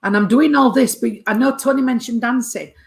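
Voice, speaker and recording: A spiritualist medium gives a chatty reading to a sitter, her voice fairly high, a little fast and gravelly. She calls the sitter darling and sweetheart and keeps checking whether they understand.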